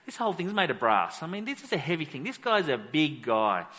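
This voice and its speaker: A male pastor preaching in a church hall, telling the story with lively, swooping pitch and a bright, forceful tone. He acts out the characters as he goes. The voice rings with a long hall reverb. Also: a little fast. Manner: animated storytelling, acting out the characters. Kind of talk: sermon.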